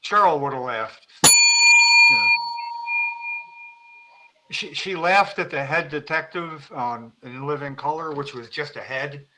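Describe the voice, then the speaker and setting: A man co-hosting a casual talk show, rambling and animated, laughing often as he talks. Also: fairly high pitch, takes it slowly, pauses often, noisy background. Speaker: co-host. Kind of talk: casual podcast chat.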